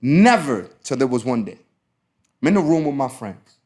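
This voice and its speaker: A man hosting a podcast, telling a personal story in casual chat, lively and quick to act out what others said. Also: medium pitch. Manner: animated storytelling, acting out quotes. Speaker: podcast host.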